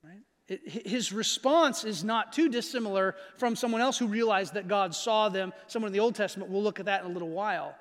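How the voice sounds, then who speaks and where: A man pastor giving a conversational sermon, stressing key phrases by slowing down and checking in with his listeners. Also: high voice. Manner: conversational, asks the audience questions. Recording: long reverb of a large hall.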